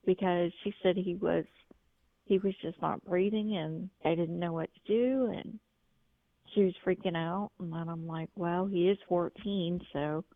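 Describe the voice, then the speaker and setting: A woman's voice: fairly low pitch, gravelly, narrow, tinny audio. A woman calling in to a talk show, telling things in an earnest, rambling way. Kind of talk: call-in talk.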